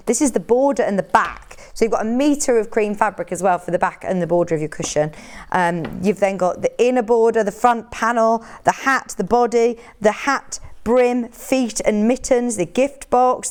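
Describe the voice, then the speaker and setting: A woman presenting products on a live shopping channel, chatty and upbeat, full of tag questions. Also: fairly high pitch. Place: TV studio.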